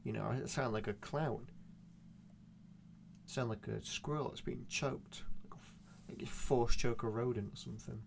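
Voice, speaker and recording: A man's voice: medium pitch, moderate pace, gravelly, a little hiss or hum. Swearing, rambling young man. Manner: profane, meandering, animated rants. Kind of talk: rambling solo monologue.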